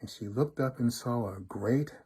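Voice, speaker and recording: A man reads a folk tale aloud in an expressive, rhythmic way. His voice is warm and mellow with a slightly husky texture. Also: medium pitch, moderate pace. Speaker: storybook reader, fraternity member.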